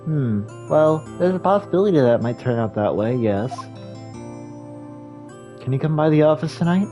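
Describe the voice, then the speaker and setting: A man's voice: fairly high pitch, animated, moderate pace, dark tone, soft background music, pitched above the performer's own voice, close to an everyday voice. A man reading as a composed woman lawyer. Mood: calm. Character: calm, composed woman lawyer, older sister.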